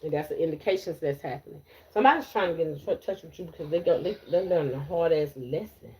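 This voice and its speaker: A woman's voice: sits low, quick pace, mellow. A woman giving a blunt, repetitive live tarot reading, talking straight to her viewers. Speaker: tarot reader.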